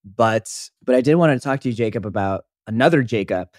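A young man co-hosting a podcast, telling stories in a rambling, animated way with lots of fillers. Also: mid-range voice, fairly quick, no echo, clean studio sound. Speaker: podcast co-host. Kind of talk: casual chat.

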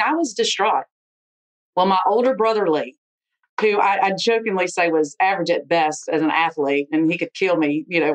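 A woman, telling a frank, animated story about her sports life in an interview. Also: medium pitch, poor audio. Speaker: interviewee, football official.

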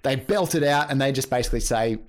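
A man's voice: mid-range voice, quick pace. A man hosting a podcast in casual chat, often restarting his sentences.

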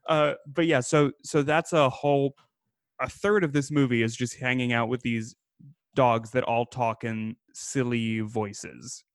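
A man's voice: medium pitch, measured pace, smooth, no echo. Man rambling with a dry close sound. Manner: rambling, animated, laughing asides. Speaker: podcast co-host. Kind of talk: casual film discussion.

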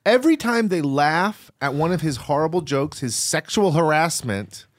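This podcast co-host's voice is on the high side, with lively intonation and a moderate pace, recorded in clean studio sound with no room sound. He keeps the casual comedic chat going with sarcastic riffs and absurd jokes.

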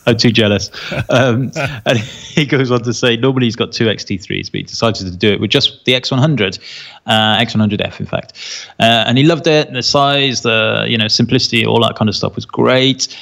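A man co-hosting a casual photography podcast, reading listener questions with a relaxed, joking manner. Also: mid-range voice, moderate pace, creaky. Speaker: podcast co-host, wedding photographer.

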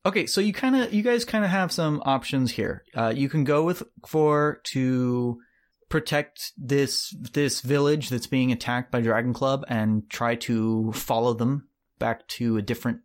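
A man runs a tabletop game, describing events and options in an easygoing way. His pitch is middling and he often stumbles and restarts mid-sentence. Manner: halting, many restarts and fillers. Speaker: game master.

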